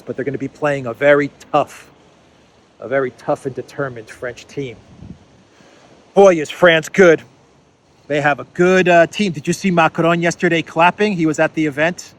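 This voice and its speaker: Chatty middle-aged man, fairly high voice. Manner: chatty, halting, many fillers and restarts, chuckling asides. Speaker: news commentary host. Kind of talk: casual solo news commentary.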